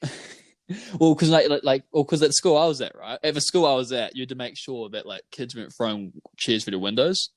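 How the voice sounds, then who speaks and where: A man's voice: medium pitch, fairly quick, no echo. A young man with a New Zealand accent, rambling, stumbling and laughing in casual podcast chat. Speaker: podcast co-host.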